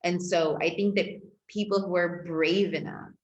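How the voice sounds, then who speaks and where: A woman's voice: on the low side, steady tone, normal speed, dull audio. A woman who works as a spiritual and empowerment coach, speaking as a podcast guest in an emphatic, earnest way. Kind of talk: casual conversation.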